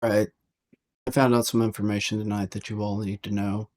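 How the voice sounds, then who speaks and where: Man, low voice, tabletop role-play, in-character talk, measured delivery. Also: level tone, darkish tone. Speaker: tabletop role-playing player. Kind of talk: in-character dialogue at a tabletop game.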